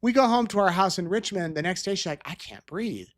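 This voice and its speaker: A man's voice: high-pitched, fast, a bit bright. A middle-aged man hosting a live show, chatting casually in a rambling way, with restarts and tangents as he answers viewer questions. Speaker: show host. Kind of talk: casual live-stream chat. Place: Utah.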